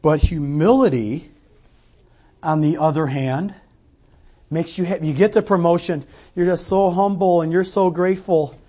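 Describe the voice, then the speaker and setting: A male pastor delivers a sermon in a casual, conversational way, slipping into short acted-out quotes. His voice sits a little high. The recording is muffled and lo-fi. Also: a little slow, dark tone. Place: church sanctuary.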